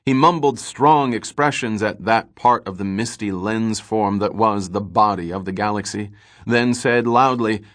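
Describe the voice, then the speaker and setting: A man narrating a science fiction story in measured, even storytelling. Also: on the low side. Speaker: audiobook narrator. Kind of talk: scripted narration.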